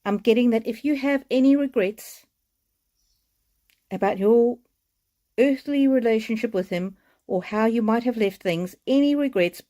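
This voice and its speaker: A woman's voice: fairly high pitch, warm tone. A middle-aged woman giving a live-streamed oracle card reading in a tender, soothing and emotional manner.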